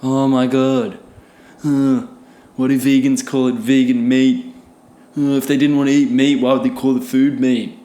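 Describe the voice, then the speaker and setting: A man's voice: medium pitch, flat delivery, a little slow, dark tone, lightly acted. A man putting on the voice of a mocking, whiny meat-eater who sneers at vegan food, recorded in a roomy space.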